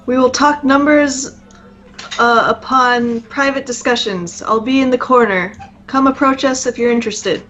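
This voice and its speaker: High-voiced woman playing a tabletop game. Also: fairly even intonation, normal speed, a bit bright, highs cut off, slight background noise. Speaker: player. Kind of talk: casual in-character play.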